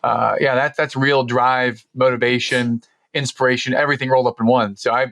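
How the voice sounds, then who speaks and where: A man's voice: mid-range voice, level tone, fairly quick, gravelly, fairly bright tone, dry recording. A man hosting a podcast interview, affirming his guest with fillers. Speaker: podcast host. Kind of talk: conversational interview.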